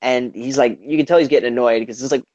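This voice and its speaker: A man's voice: mid-range voice, steady tone, fast, darkish tone, no room sound. A man in casual political chat, rambling with lots of fillers and swearing, acting out the quotes he retells. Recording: dull lo-fi sound, dry.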